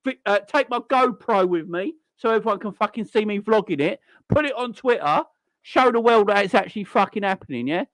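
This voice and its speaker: A man's voice: high voice, lively intonation, fairly quick, fairly bright tone, no room sound. A man hosting a football channel, ranting angrily and swearing as he mocks online fans. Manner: sweary, mocking, mimics people. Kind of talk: angry fan rant.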